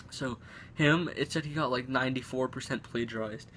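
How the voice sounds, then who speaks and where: A man's voice: mid-range voice, normal speed, a bit bright, slight background noise. A teenage boy telling a school story to camera in a casual, rambling way, with lots of fillers and restarts. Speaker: vlogger. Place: room at home.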